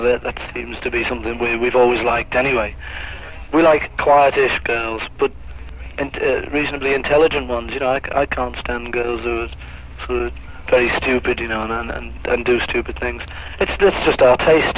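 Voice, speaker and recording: A man's voice: medium pitch, moderate pace, fairly bright tone, highs cut off, a little hiss or hum. Easygoing man on old tape. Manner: easygoing, hesitant, lots of "you know". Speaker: musician interviewee. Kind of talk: casual interview answers.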